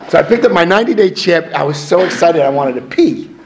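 A man's voice: on the high side, animated, fast talker, a crowd in the background. Man telling his recovery story. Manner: storytelling, swings between hushed and loud, laughs at himself. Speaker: recovery speaker. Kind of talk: personal testimony talk to a meeting.

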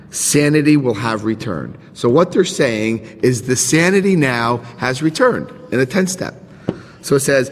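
A middle-aged man speaks at a recovery meeting in a medium-pitched voice. He reads out a text and explains it, breaking into animated stories with chuckles and frank asides. His voice trails a long reverb through the hall. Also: a little hiss or hum.

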